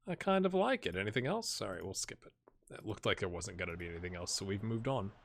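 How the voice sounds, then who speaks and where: Lively, bright-voiced man narrating a football game. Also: lowish voice, fast talker, creaky, a little hiss or hum. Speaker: gaming YouTuber playing a football manager game. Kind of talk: casual let's-play commentary. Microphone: headset with earbuds.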